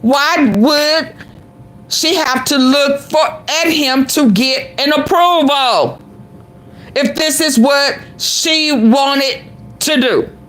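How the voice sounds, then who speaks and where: A woman's voice: high voice, extremely slow, fairly bright tone. Sassy woman reacting to a clip. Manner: sassy, exclamatory, talks back to the clip. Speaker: commentary vlogger. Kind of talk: reaction commentary.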